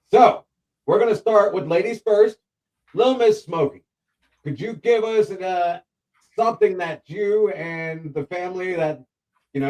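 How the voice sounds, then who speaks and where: A man's voice: on the high side, a little mellow, low-quality recording. A man hosting a casual talk show, playful and teasing as he introduces his guests. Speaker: host.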